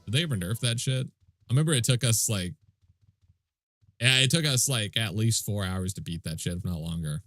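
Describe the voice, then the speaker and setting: A man's voice: lowish voice, normal speed, a bit bright, no echo, faint music behind. A man with a stuffy nose, casually commentating his game stream and chatting with viewers in a laid-back, swearing way.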